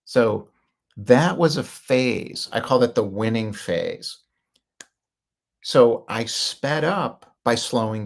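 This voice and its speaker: A man's voice: fairly low pitch, vocal fry. A middle-aged man telling a personal story in a chatty, casual way, laughing often and acting out quoted lines. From Chicago area, United States. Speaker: podcast host.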